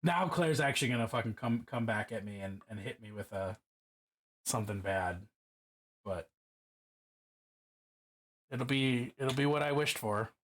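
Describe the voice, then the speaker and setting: A man's voice: mid-range voice, animated, a little slow, pauses often, a bit bright. A man from Baltimore chatting casually on a live stream while painting miniatures alone in his room, profane, rambling and self-mocking.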